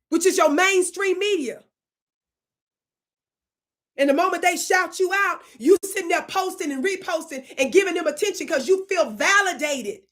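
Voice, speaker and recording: On her own channel, a woman with a very high-pitched, somewhat bright voice berates her viewers in a fiery, preachy monologue. She draws out words for effect and keeps demanding to know if they're listening.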